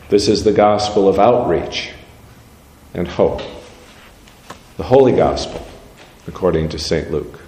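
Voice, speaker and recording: A man's voice: deep voice, animated, a little slow, pauses often, a little mellow, slight background noise. A man preaching a sermon, reading scripture aloud and giving the verses changing emphasis. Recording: roomy hall with long reverb.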